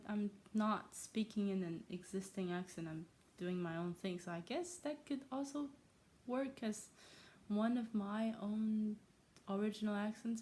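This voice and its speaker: A woman's voice: medium pitch, darkish tone. A woman from China talking in a self-made accent that blends Irish, American and Chinese sounds, rambling playfully and teasing herself in her own room. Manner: playful, scattered, self-mocking, trails off often. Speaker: vlogger. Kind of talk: casual rambling monologue.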